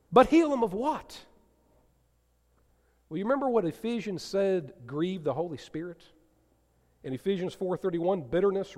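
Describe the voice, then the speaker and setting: Male pastor, sermon, high lively voice, long church reverb. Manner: animated preaching, drops to soft gentle tones for emphasis; asks the congregation questions and teases a listener. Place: church sanctuary.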